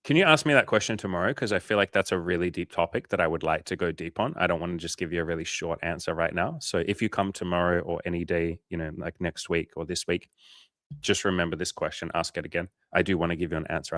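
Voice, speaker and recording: A man's voice: low-pitched, fairly even intonation, fast talker, fairly bright tone, dry recording, studio quality. A man coaching on a casual livestream, swearing freely and acting out his clients' voices as he answers questions from the chat.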